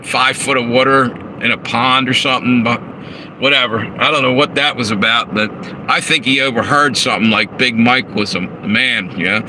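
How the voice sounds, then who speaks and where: A man talks loosely and profanely into his phone, chuckling at his own asides while reading out chat messages. His voice sits in an ordinary middle range. The car's engine and air conditioner hum clearly behind him on the phone recording. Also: mid-range voice, steady tone, normal speed. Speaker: live streamer. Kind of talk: casual livestream talk, reading chat. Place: inside a parked car with air conditioning running. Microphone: handheld phone. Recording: noisy phone audio in a car. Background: car engine and air conditioner hum.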